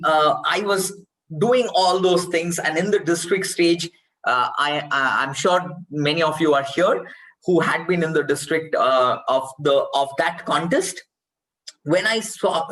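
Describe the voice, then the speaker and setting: A man's voice: on the high side, a bit bright, low-quality recording. A man with an Indian accent giving an online workshop on speechwriting, stressing points by repeating key phrases. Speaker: speech trainer.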